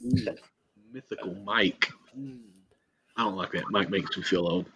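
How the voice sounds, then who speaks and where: A man's voice: low-pitched, a little slow, fairly bright tone. A man co-hosting a casual podcast interview, teasing and telling stories in a joking way. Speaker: podcast co-host. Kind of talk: casual chat.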